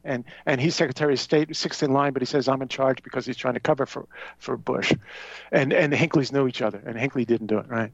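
A man's voice: medium pitch, gravelly, no room sound. A man talking as a show guest, telling rambling stories that jump from one tangent to the next. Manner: animated, tangential, conspiratorial storyteller. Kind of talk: rambling conversational storytelling. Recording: dull lo-fi sound.

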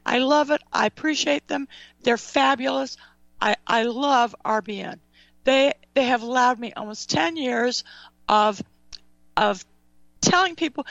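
A high-pitched woman with a gravelly edge, ranting on talk radio with heated frustration and quick apologies. Her voice comes through dry, as if close to the mic. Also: fairly bright tone, no room sound. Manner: angry, ranting, apologetic asides. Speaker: radio show host. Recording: dull dry radio audio.

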